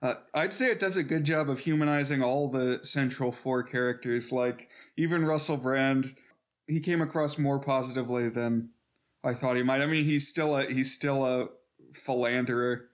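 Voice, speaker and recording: A man co-hosting a podcast, chatting casually about a film with relaxed, amused reactions. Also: mid-range voice, moderate pace. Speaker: podcast co-host.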